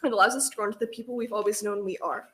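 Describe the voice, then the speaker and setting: Young woman reading testimony, firm and earnest, mid-pitched voice. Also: fairly even intonation, racing, a bit bright. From Nebraska. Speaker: sibling testifying at a hearing. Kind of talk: prepared public testimony.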